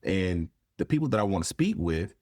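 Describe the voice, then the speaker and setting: A man's voice: sits low, sing-song, normal speed, a little mellow, slightly rough, no echo, clean studio sound. A man, a therapist and podcast guest, talking frankly in casual conversation, swearing freely and acting out quoted people.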